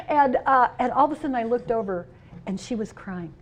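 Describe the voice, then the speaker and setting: Middle-aged woman giving a keynote at a conference, kinda high voice, funny and expressive storyteller. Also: fairly quick, a little hiss or hum. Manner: expressive, humorous storyteller, shifting between loud and soft. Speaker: union president giving a keynote. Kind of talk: conference speech with personal stories. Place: conference hall.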